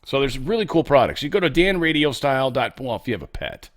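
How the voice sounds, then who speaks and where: Male host, casual sarcastic commentary, lively pitch, loud-to-muttered swings. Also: quick pace. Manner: loose, joking, sarcastic, swings between loud bursts and low mutters. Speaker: show host.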